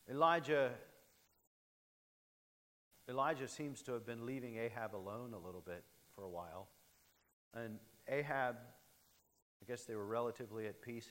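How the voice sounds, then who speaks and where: A man's voice: medium pitch, fairly bright tone. A man giving a conversational sermon with many fillers and restarts. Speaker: preacher. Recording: reverberant hall.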